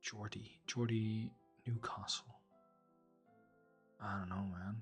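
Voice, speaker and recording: A man co-hosting a casual writing chat, thinking aloud in a halting way and poking fun at his own accent attempts. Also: lowish voice, fairly even intonation, husky, faint music behind. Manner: self-mocking about his own accents. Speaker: podcast co-host.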